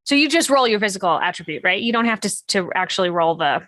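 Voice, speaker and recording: A woman running a tabletop game as game master, quick and upbeat, laughing often. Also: mid-range voice, lively intonation, fairly bright tone, no echo.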